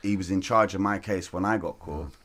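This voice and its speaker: A man's voice: deep voice, brisk, a bit bright. A man guesting on a podcast, telling stories in a laid-back, slangy way, swearing and trailing off mid-sentence. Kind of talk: casual chat.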